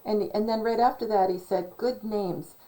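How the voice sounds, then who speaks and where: A woman talks to her camera in a loose, meandering vlog style at an ordinary middle pitch. She thinks aloud, spells out words letter by letter and circles back on herself. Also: steady tone, brisk, warm tone, low-quality recording. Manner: many fillers and restarts, musing. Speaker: channel host. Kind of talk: casual vlog commentary.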